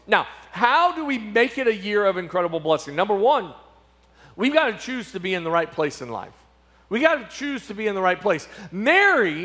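A middle-aged male pastor preaching a sermon with emphatic repetition, dramatic pauses and sweeping swings in volume. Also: sits high, bright, forceful tone.

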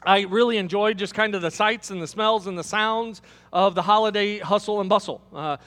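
A Midwestern man preaching a sermon, telling stories with animation and putting questions to his listeners. His voice sits high and sounds bright. The long reverb of a church hall trails his words. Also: normal speed. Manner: storytelling, animated, asks the congregation questions. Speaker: pastor.

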